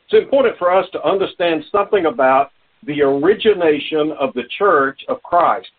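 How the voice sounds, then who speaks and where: A man preaching a sermon, his voice raspy from a cold, quoting scripture in a measured way. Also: a little high, animated. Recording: tinny phone-line audio.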